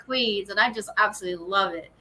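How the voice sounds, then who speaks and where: A woman's voice: medium pitch, fast, over a noisy crowd. A woman guest chatting casually in an interview, laughing often and restarting her sentences. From United States. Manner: bubbly, laughs often, many fillers and restarts. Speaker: guest, actress and writer.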